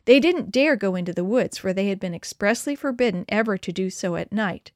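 A woman narrating a children's story in a steady, even reading voice. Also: medium pitch, brisk, no echo, studio quality.

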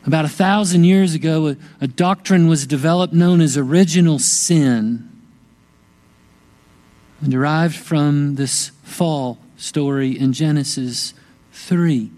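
Male pastor, sermon, slow reflective delivery, warm mellow tone, slightly high voice. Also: rough recording. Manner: slow, gentle and reflective, with long pauses.

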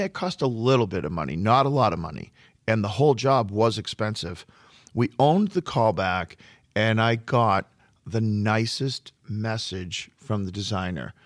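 A man who runs a flooring business tells work stories in a relaxed conversation, often repeating a word while he gathers his thoughts. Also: lowish voice, moderate pace, no room sound, studio quality. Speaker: flooring contractor. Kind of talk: storytelling in a podcast conversation.

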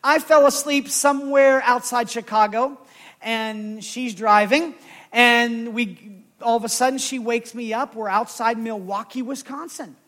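A man's voice: very high voice, unhurried. A man preaching a sermon, telling a story and quoting scripture with growing fervor. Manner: animated, rises to loud fervent scripture quoting.

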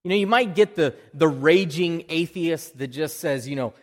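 Man, Oklahoma accent, pastor preaching a sermon, somewhat high voice, long church-hall reverb. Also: normal speed, few pauses. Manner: conversational, repeats words when restarting.

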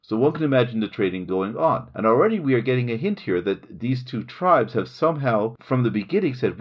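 A middle-aged man hosting a podcast, explaining a Bible chapter in a lively storytelling manner. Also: on the low side, a little fast, lo-fi sound. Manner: lively explanatory storytelling, reads Hebrew aloud. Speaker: podcast host. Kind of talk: Bible study podcast lecture. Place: home recording room in the hills.

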